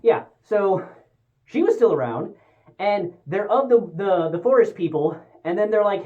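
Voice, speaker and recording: A woman giving a casual spoken movie review, exasperated and sarcastic, acting out characters' lines in quick asides. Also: mid-range voice, animated. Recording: tinny phone-like sound.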